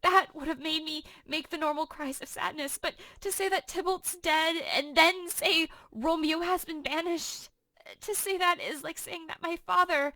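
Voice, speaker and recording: A woman's voice: extremely high pitch, pushed and bright, no room sound, pitched above the performer's own voice. A woman reading as a passionate, distraught young teenage girl in a dramatic reading for a class. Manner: emotional dramatic reading in modern paraphrase.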